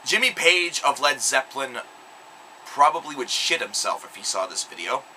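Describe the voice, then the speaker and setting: Young guy ranting and swearing into the camera, sarcastic, really bright voice that swings around a lot. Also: medium pitch, very animated, normal speed, a little hiss or hum, poor audio. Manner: angry, profane, sarcastic rant. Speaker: video blogger. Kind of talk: ranting vlog monologue.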